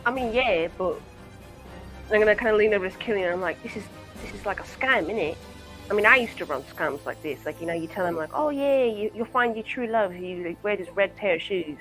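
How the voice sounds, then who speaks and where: A woman player at a tabletop game, chatting in casual, slangy banter. Her voice sits at a middling pitch. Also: expressive, fast, a bit bright, soft background music, poor audio. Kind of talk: in-character tabletop play.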